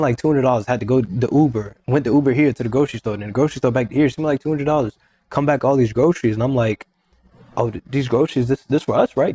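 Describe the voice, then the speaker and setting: There's a breathy edge to this young man's mid-range voice as he, a podcast guest, casually relates a personal story. He is animated, quoting what people said and repeating himself often.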